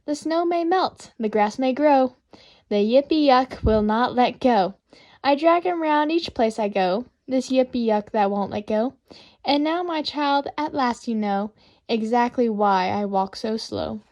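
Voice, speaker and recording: High-voiced woman reading children's poems playfully. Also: a little slow. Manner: playful, expressive, sing-song reading. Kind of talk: reading children's poetry aloud.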